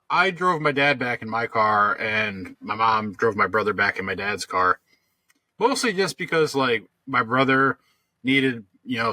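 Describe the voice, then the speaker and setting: In a dry recording, a podcast co-host speaks in a medium-pitched, pushed and bright voice. He's telling a long story over casual chat, full of fillers, restarts and rambling.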